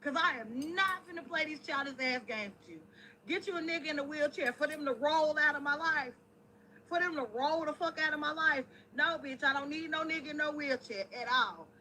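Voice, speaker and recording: A woman ranting loudly and profanely to her camera. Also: high voice, fairly quick, a little hiss or hum, poor audio. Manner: brash, loud and profane. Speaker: online creator.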